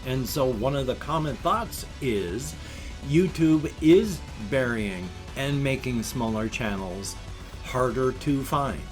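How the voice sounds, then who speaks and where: A man's voice: medium pitch, expressive, takes it slowly, soft background music. Emotional rambling man in his fifties. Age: 50s. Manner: emotional, rambling, talks of crying over animals. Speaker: vlogger. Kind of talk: casual vlog monologue.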